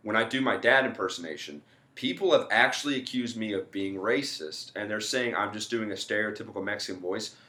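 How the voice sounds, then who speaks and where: A male comedian hosting a podcast, talking casually and quickly when making a point. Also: fairly low pitch, pushed and bright. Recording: roomy echo.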